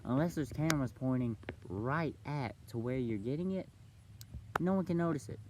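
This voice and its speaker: Animated young man telling a story. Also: moderate pace, background noise. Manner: animated, acts out voices with big pitch jumps. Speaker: vlogger. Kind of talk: storytelling vlog.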